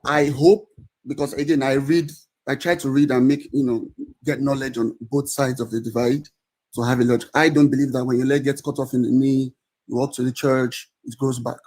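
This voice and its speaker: A man's voice: mid-range voice, steady tone, normal speed, a little mellow. A man calling into a live audio-room debate, arguing and pleading, often restarting and repeating himself. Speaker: caller in a debate.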